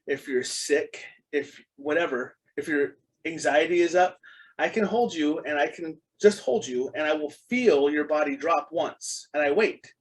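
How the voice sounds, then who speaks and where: A man's voice: fairly high pitch, a little slow, rough recording. A middle-aged man as a podcast guest, speaking in casual interview chat, an earnest storyteller full of ums and restarts.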